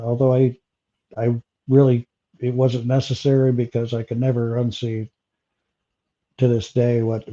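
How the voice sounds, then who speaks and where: A man telling an interviewer about a personal encounter, pausing often with fillers and restarts. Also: mid-range voice, dark tone, muffled recording. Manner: halting, many fillers and restarts. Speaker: interview guest.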